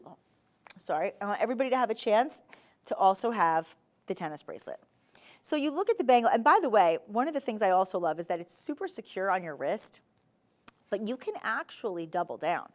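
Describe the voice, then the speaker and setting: A woman with a New Jersey accent hosts a live shopping broadcast from a TV studio. She talks in a chatty, lively selling patter, her voice sitting at an ordinary middle pitch. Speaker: shopping channel host.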